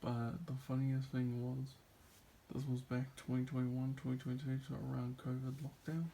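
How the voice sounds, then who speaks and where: A man's voice: medium pitch, completely flat delivery, moderate pace, creaky, warm tone, slight background noise. A man telling casual, rambling stories about gaming with a friend, full of "like" and restarts. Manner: laughs between stories. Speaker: video creator reacting to a friend's clips. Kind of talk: casual storytelling.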